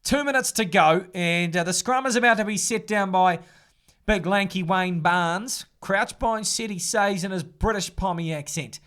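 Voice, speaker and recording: A man doing casual live play-by-play rugby commentary, brisk and chatty. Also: high-pitched, fairly bright tone. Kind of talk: live fan sports commentary.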